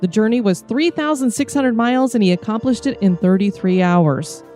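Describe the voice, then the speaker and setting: A woman co-hosting a podcast, giving a steady, informative scripted history narration. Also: a little high, moderate pace, soft background music. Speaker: podcast co-host.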